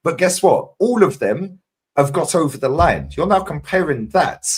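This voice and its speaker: A man's voice: fairly high pitch, expressive, moderate pace, slightly rough. A man with an English accent arguing about football, combative, swearing and cutting in to challenge the other speaker. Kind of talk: heated football debate.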